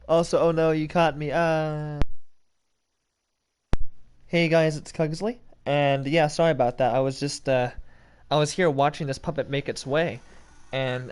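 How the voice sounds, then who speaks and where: A man's voice: on the high side, darkish tone, clear, resonant tone. Exasperated young man coaxing a game character. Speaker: gaming video creator. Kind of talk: casual gameplay commentary.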